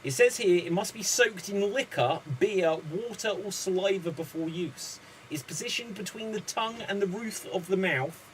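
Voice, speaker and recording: A man's voice: sits high, slight background noise, poor audio. A man hosting an online improv comedy show, chatty and rambling.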